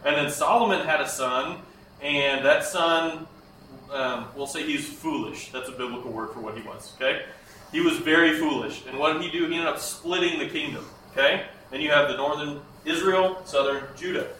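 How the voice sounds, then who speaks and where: A man's voice: fairly high pitch, moderate pace, pushed and bright, echoey room, slight background noise, poor audio. A man teaching a Bible lesson to a class of children, often asking them questions and repeating their answers.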